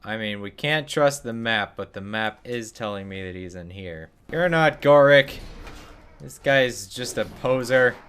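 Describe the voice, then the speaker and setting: A man's voice: fairly low pitch, moderate pace, few pauses, fairly bright tone, smooth. A young man streaming a game, giving casual commentary full of sarcastic jokes and muttered asides.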